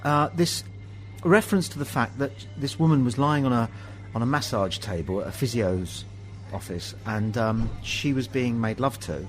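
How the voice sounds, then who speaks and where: A man's voice: medium pitch, normal speed, hardly any pauses, soft background music, low-quality recording. A man from England hosting a pub podcast, telling funny anecdotes and acting out the dialogue. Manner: animated anecdotes, acts out dialogue. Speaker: host. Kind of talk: pub chat storytelling.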